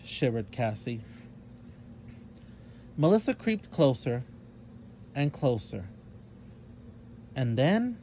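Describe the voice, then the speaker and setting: Slow, measured male storyteller. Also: medium pitch, dark tone, a little hiss or hum. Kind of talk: scripted storybook narration.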